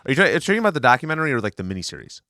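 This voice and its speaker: A man in casual podcast chat who weighs his words and hedges his opinions. His voice is bright and forward, with lively swings in pitch. The recording is dry. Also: rapid-fire, no room sound. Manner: thoughtful, hedging. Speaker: podcast co-host.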